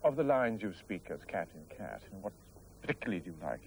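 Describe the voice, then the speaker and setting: Quick, lively male reporter asking questions. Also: on the low side, gravelly, slight background noise, poor audio. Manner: hesitant, fills with "uh" before questions. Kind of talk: interview questions.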